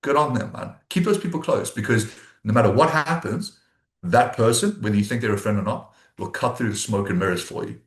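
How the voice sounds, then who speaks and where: Speaking a little quickly in a mid-range voice, this South African podcast co-host keeps the chat casual and blunt. He curses freely as he imitates his friends' words, recorded in an echoey room.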